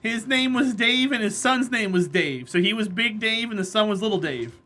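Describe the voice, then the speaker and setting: Blunt, bright-voiced woman streamer. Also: fairly high pitch, lively intonation, moderate pace. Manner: blunt, opinionated, answering chat by name. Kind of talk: casual live-stream chat while gaming.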